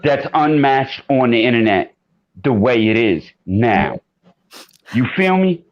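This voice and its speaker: A man's voice: mid-range voice, animated, takes it slowly. Emphatic man calling in, lo-fi line. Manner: earnest, emphatic, gets loud. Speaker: caller. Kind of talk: casual call-in chat.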